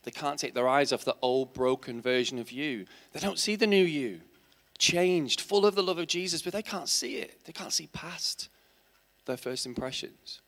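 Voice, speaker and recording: A man's voice: fairly high pitch, animated, moderate pace, fairly bright tone. Man preaching with rhetorical questions. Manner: emphatic, builds to passionate peaks. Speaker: teacher. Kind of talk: sermon. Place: church.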